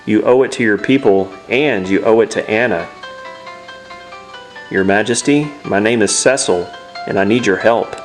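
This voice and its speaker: A man voicing a firm young knight in a video game, reading his lines at a brisk clip. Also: on the low side, faint music behind, lightly acted.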